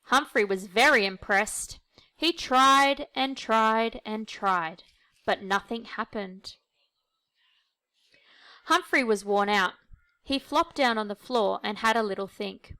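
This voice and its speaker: A woman reads a children's picture book aloud, gentle and expressive, taking her time. Her voice is bright and very clear, a little high for a woman. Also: slow. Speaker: storyteller.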